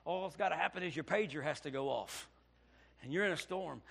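A Baptist pastor from Indiana preaching a sermon, telling a story and swinging from hushed passages to near shouting. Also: male voice, fairly high pitch, quick pace, creaky.

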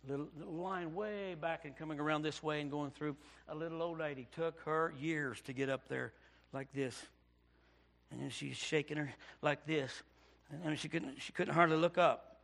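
Gravelly preacher telling a story, loud and hushed by turns. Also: male voice, fairly high pitch. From Indiana. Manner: storytelling, swings from hushed to shouting. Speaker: Baptist pastor. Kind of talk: sermon.

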